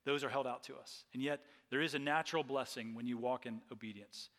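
A man's voice: medium pitch, fairly even intonation, fairly quick, a bit bright, in a large hall. A man preaching a sermon as pastor, earnest and often repeating phrases.

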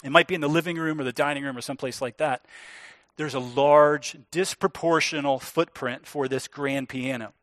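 Pastor, male, fairly high voice, emphatic sermon delivery, dry close recording. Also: fairly even intonation, fairly bright tone, no echo. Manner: earnest, emphatic preaching with slowed stresses.

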